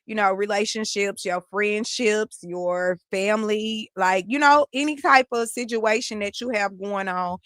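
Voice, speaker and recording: A woman hosting a live podcast stream, chatting with callers and reading the comments in a relaxed way. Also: medium pitch, unhurried, hardly any pauses, no echo, clean studio sound. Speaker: podcast host.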